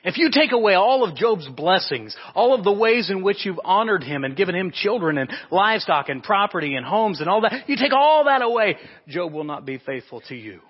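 A man's voice: high voice, very animated, fairly quick, hardly any pauses, husky, pitched above the performer's own voice, heavily acted. A man voicing the devil as a taunting, insistent challenger. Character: scheming adult male devil challenging God. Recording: dull echoey church recording.

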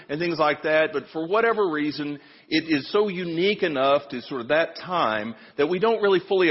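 Husky middle-aged male pastor, self-deprecating storyteller, long church reverb. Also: on the high side. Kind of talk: sermon. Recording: dull sound in a reverberant hall.

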